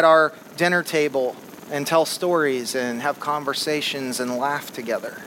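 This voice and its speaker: Animated storytelling man in an echoey hall. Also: fairly high pitch, unhurried, few pauses, a little hiss or hum. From Flint, Michigan. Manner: animated, humorous, vivid. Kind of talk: personal storytelling to a live audience. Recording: long hall reverb.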